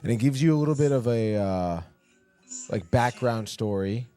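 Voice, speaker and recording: A man's voice: mid-range voice, lively intonation, moderate pace, warm tone, clear, resonant tone, faint music behind. A man co-hosting a podcast in loose casual chat, swearing freely and calling everyone dude. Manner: swears often, says "dude" a lot. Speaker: podcast co-host.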